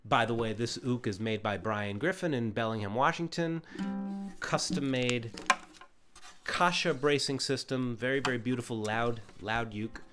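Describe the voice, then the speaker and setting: A man teaching a live ukulele lesson in a calm, encouraging, gently meditative way. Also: medium pitch, normal speed, music in the background. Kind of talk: live-streamed music lesson.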